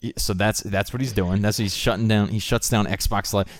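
A man's voice: fairly low pitch, steady tone, normal speed, hardly any pauses, no echo, studio quality. A young man co-hosting a podcast, rambling and joking, laughing and swearing freely in casual chat. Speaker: podcast co-host.

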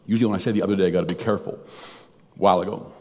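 A man preaching in a storytelling way, relaxed and conversational. He drags out certain words and keeps returning to "I said" and "she goes." His voice rings with the long reverb of a big hall. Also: low-pitched, rapid-fire. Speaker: pastor. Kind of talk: storytelling sermon.

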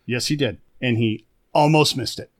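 A man's voice: mid-range voice, normal speed. A man co-hosting a podcast in casual chat, rambling and chatty, with many fillers and restarts. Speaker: podcast co-host.

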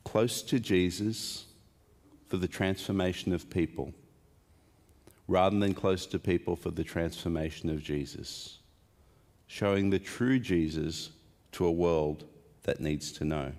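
A man's voice: sits low, steady tone, a little slow, long pauses, darkish tone. A man preaching a sermon in a conversational way, putting questions to the congregation and adding wry asides. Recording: long hall reverb.

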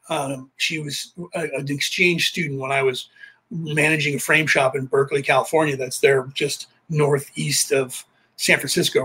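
A man's voice: on the high side, pushed and bright, husky. A middle-aged American man talking in a rambling, casual monologue as a podcast host, full of fillers and restarts. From United States.

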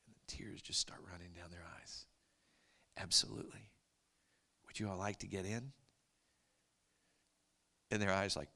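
A man preaching a sermon, telling a story in an earnest, soft-spoken way that sinks to a near whisper at tender moments. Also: lowish voice, creaky. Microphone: handheld mic, later set aside to talk loud off-mic.

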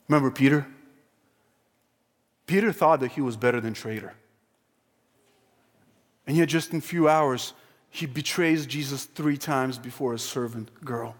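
A man preaching a sermon with passion, pressing rhetorical questions and repeating his points, swinging between hushed and loud emphatic delivery in a church sanctuary. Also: mid-range voice, unhurried, pauses often. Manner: impassioned, with rhetorical questions and repetition. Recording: long reverb of a large hall.

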